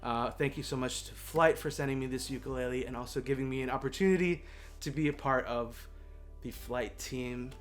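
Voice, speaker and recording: A man wrapping up a casual vlog, excitable and rambling, laughing at himself as he thanks his viewers. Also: medium pitch, fairly quick, soft background music. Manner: excitable, rambling, self-mocking. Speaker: YouTube ukulele creator. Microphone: desktop condenser mic.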